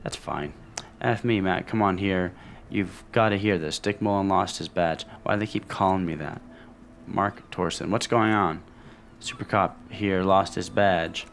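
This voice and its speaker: A man's voice: deep voice, unhurried, creaky, a little hiss or hum. A man casually commenting on a video game as he plays, reading its dialogue aloud between offhand remarks. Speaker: let's play host.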